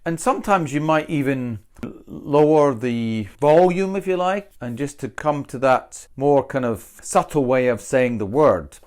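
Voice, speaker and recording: A man's voice: mid-range voice, expressive, measured pace, a little mellow, clean tone. A man from Britain teaching English pronunciation, thinking aloud and repeating example sentences with different stress. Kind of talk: explanatory lesson.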